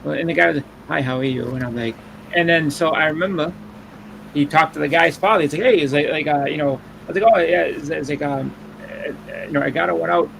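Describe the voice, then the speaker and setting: Gravelly fast-talking man telling stories. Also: on the high side, a bit bright, rough recording. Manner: rambling anecdotes with restarts and acted quotes. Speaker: podcast co-host. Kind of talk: casual storytelling chat. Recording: faint background noise.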